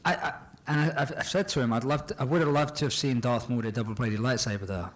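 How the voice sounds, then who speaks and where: A man answering fan questions at a convention panel, animated and excitable, often acting out scenes and laughing as he talks. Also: medium pitch, quick pace. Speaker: actor guest at a fan panel. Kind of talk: casual panel Q and A.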